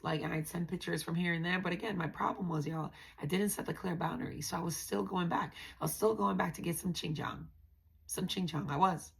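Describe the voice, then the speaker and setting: A woman's voice: fairly low pitch, vocal fry, breathy edge. A woman hosting a podcast, telling her own story in a candid, blunt way and often calling her listeners y'all. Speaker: podcast host. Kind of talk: confessional personal storytelling.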